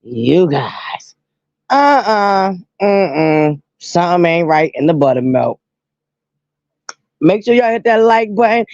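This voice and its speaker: A woman hosts a casual live stream, drawling slowly and greeting her viewers with exclamations. Her voice is dry and close, with a dull, lo-fi sound. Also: medium pitch, sing-song, darkish tone, no echo. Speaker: host.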